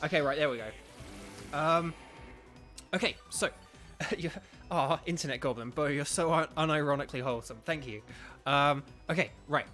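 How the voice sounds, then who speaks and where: A man's voice: on the high side, normal speed, long pauses, sharp tone, faint music behind. A young man chatting casually with his stream viewers while playing a game, rambling with lots of fillers. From United Kingdom. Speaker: gaming streamer.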